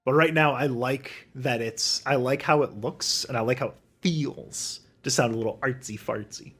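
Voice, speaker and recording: A man's voice: mid-range voice, moderate pace, a bit bright, husky. A young man hosting a solo podcast livestream, ranting in a heated, profane way and mocking people with sarcastic quoted voices. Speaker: podcast host.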